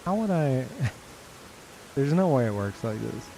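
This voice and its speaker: A man's voice: medium pitch, very animated, slow, vocal fry, over music. A man streaming a game live, reacting in disbelief, swearing often and laughing a lot. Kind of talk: live gameplay commentary.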